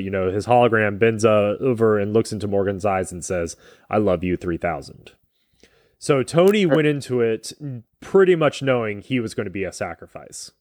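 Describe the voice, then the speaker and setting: A man chatting casually about a film with a friend, his voice sitting low and sounding close and dry, with no room around it. He talks in a loose, halting way, restarting sentences and drifting between thoughts. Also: a little mellow, no room sound. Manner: rambling, halting, with fillers and restarts; gets emotional in places. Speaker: podcast co-host. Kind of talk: casual movie discussion.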